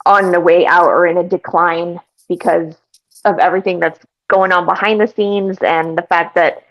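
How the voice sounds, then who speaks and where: A woman's voice: fairly low pitch, steady tone, moderate pace, dull audio. A woman on a panel giving a hesitant but dismissive opinion in casual commentary.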